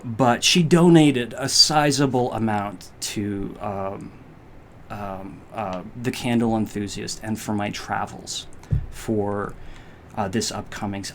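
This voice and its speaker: A man hosting a live-stream unboxing, talking in a rambling, halting way with many fillers and growing emotional. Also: lowish voice, a little hiss or hum. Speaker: candle channel host.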